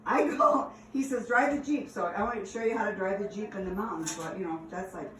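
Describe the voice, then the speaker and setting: A woman telling stories from her past in a casual, animated way, laughing and acting out the lines. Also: medium pitch, fairly quick, slight background noise. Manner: animated, laughing, acts out quotes. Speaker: storyteller. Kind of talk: casual storytelling. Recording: echoey room, distant mic.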